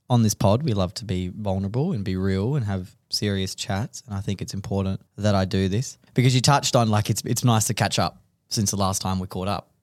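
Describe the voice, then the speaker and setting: A man's voice: lowish voice, dry recording, clean studio sound. A young man hosting a podcast, telling an emotional story in a rambling way with many restarts. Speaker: podcast host. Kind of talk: casual chat.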